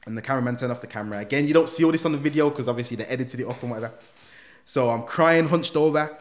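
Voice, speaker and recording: A man's voice: mid-range voice, very fast. A young man, a former gang member, telling his life story in a casual interview, full of slang and acted-out quotes. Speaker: guest, former gang member turned motivational speaker.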